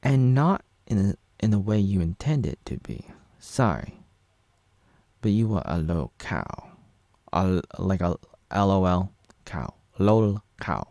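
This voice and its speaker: A man's voice: low voice, expressive, unhurried, gravelly, dark tone, dry recording. A man in his thirties from Oregon, USA, rambling through a casual monologue and correcting himself as he reads his own posts aloud. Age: 30s. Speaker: vlogger.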